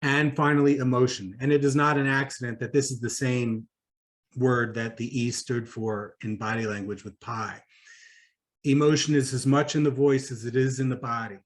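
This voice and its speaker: A man speaking at a conference about public speaking, conversational and animated, with fillers and quick laughs. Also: medium pitch. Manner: animated, demonstrates voice exercises aloud.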